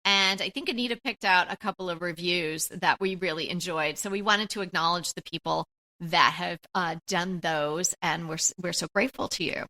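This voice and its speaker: A woman's voice: fairly low pitch, normal speed, pushed and bright. A woman co-hosting a decorating podcast, chatting casually, enthusiastic and grateful to her listeners. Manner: enthusiastic, grateful, laughs easily. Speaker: podcast co-host. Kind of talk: casual chat.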